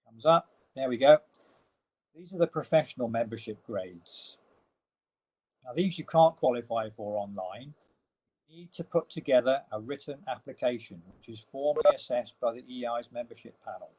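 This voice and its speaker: A man with a medium-pitched voice presents slides in an online webinar. He explains each point in turn and leans on the words he wants to stress. His pace is steady and methodical. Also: poor audio. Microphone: online webinar audio.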